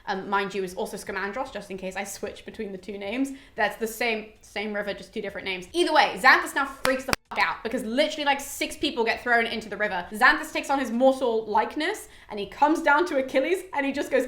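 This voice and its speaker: A woman's voice: sits high, quick pace, hardly any pauses, pushed and bright, reverberant. A woman with a British accent retelling a myth in a casual, irreverent way, swearing freely as she hosts. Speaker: podcast host.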